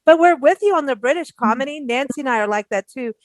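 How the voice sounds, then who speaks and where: A woman co-hosting a radio chat, telling stories in a lively, laughing way. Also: high-pitched, fast talker. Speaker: radio co-host. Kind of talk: casual chat.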